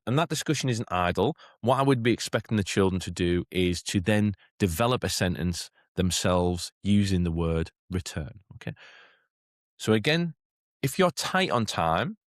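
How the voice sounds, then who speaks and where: A man giving a chatty teacher training talk, often checking in with "okay?" and lifting into a bright classroom voice to demonstrate. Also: fairly low pitch, no room sound, studio quality. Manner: chatty, keeps asking "okay?".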